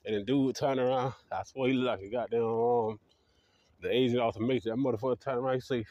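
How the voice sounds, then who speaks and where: A man's voice: medium pitch, a little fast, darkish tone, no echo, dull audio. A man telling his dream stories in a rambling, profane monologue, laughing at his own tales. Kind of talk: casual storytelling monologue.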